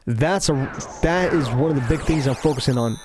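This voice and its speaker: A man giving casual, rambling commentary over gameplay, talking slowly with a laid-back, self-interrupting, somewhat mumbled delivery. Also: on the high side, background noise. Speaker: gaming commentator.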